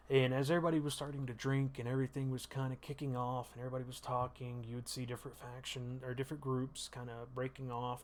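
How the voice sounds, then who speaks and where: A man serving as game master, explaining the scene in a relaxed way. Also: mid-range voice, a little hiss or hum. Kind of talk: narrating a tabletop game.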